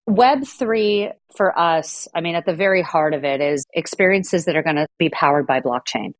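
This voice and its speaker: A woman's voice: low-pitched, no echo. A middle-aged woman from Southern California, answering interview questions in a fluent, businesslike way. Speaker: guest executive.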